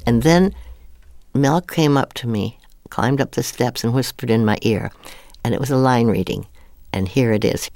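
An older actress telling rambling, animated anecdotes in a casual interview, laughing often. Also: female voice, rumbling low, moderate pace, no echo, clean studio sound. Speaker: guest actress.

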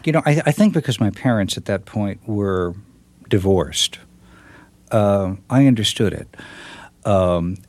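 A middle-aged man answers interview questions in a very low voice, thoughtful and halting as he restarts his sentences. The sound is dry and close, with no room echo. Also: a little mellow. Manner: thoughtful, halting with repeated starts. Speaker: author guest. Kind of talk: reflective interview talk.

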